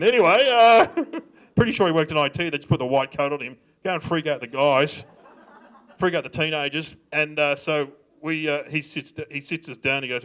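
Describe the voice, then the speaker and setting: A man's voice: mid-range voice, normal speed. A middle-aged man with an Australian accent doing stand-up storytelling before a live audience, acting out the voices of others and laughing often. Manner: animated, acts out voices of family and cops, laughs often. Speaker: stand-up comedian.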